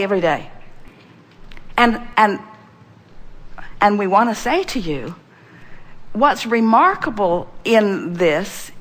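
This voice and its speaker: A woman giving an inspirational seminar talk. She speaks emphatically, talks of herself as "we", and slips into chanted repetitions. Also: medium pitch. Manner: speaks as a collective "we". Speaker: spiritual teacher speaking to a seminar audience.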